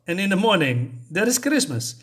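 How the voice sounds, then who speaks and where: A man's voice: high-pitched, big pitch swings, moderate pace, a bit bright, breathy edge, voice pushed up, full character voice. A man voicing a cowardly male crook who pleads nervously and drops foreign words into his speech.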